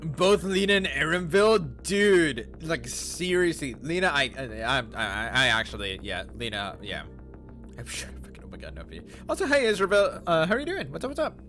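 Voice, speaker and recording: A male streamer talks casually over his gameplay, joking and swearing freely. His voice sits a little high and jumps around animatedly. Faint game music runs behind him. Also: normal speed. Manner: animated and profane, laughs often. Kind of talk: casual gaming livestream commentary.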